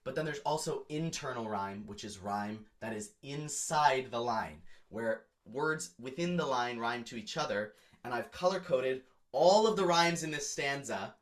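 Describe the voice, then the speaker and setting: A man, a music educator, explaining song lyrics in a lecture with emphatic examples. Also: mid-range voice.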